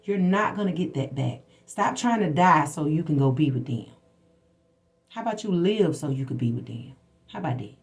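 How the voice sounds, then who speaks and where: A woman's voice: low voice, lively intonation, normal speed. Lady on a spiritual live, blunt and cussing, preaching off her own stories. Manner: blunt, profane, preachy storytelling. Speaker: spiritual livestream host. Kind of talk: casual spiritual talk to viewers.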